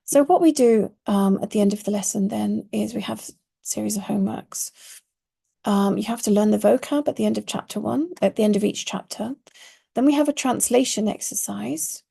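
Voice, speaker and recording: Gravelly-voiced woman teaching Arabic. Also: medium pitch, dark tone. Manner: earnest, stresses key words with slow emphasis. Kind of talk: explanatory teaching talk.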